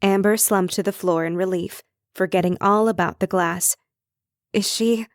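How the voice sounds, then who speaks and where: A woman reading an audiobook in measured, even scripted narration. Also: fairly low pitch, no echo, studio quality.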